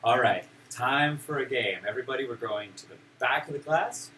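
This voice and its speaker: A man's voice: medium pitch, normal speed, pushed and bright. A male teacher leading a classroom of young children, playful and encouraging as he acts out emotions. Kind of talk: classroom teaching of simple English. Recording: distant mic with room noise.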